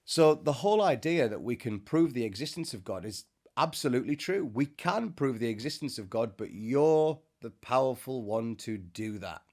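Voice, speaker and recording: A man's voice: medium pitch, lively intonation, normal speed, darkish tone. Man giving a casual faith talk. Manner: conversational, with joking asides. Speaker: Christian speaker. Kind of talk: informal spiritual teaching to camera. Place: indoors, sitting before a bright camera.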